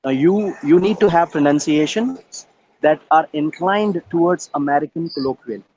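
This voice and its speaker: A man's voice: a little high, moderate pace, darkish tone, highs cut off, slight background noise. A man with an Indian English accent teaching an online English practice session over a video call, breaking words into syllables and slipping in Hindi. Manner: patient, drills words syllable by syllable; mixes in Hindi phrases. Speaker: English tutor.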